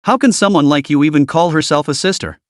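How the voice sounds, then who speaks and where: A man's voice: fairly high pitch, quick pace, no echo, clean studio sound, natural voice. A man voicing an icy, contemptuous young woman. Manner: icy, cutting.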